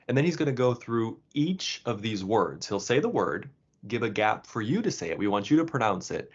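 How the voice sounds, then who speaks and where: A man explaining pronunciation as a course instructor, in a relaxed, casual way. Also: mid-range voice. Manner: casual, with fillers and restarts. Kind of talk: explanatory lesson narration. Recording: dull lo-fi sound.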